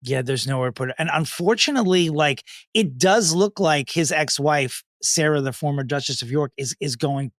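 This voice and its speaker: A man's voice: on the high side, moderate pace, few pauses, no room sound. Wry, profane young man co-host. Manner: dry, profane, wry asides. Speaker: podcast co-host. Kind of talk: casual comedic chat.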